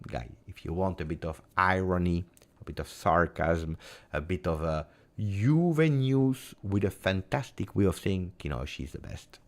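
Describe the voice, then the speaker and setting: Animated football vlogger man. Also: deep voice, unhurried. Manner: emphatic, theatrical, jumps between loud and hushed. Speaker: football channel host. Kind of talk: animated football commentary vlog.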